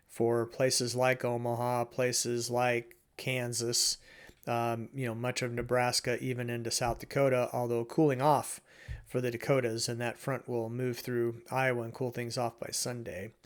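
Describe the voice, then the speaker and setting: Man, weather forecaster, casual, chatty, informal asides, mid-pitched voice. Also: level tone, normal speed. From Oregon, USA.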